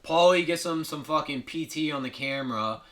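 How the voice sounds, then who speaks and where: A man's voice: fairly high pitch, moderate pace, fairly bright tone. A young man recapping a movie comedically, rambling and swearing with lots of filler words.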